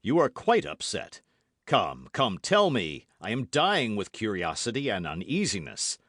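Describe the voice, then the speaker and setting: A man voicing a calm, phlegmatic male musketeer in an audiobook, low and measured. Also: dry recording, clean studio sound, full character voice. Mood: composed. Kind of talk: audiobook character voice.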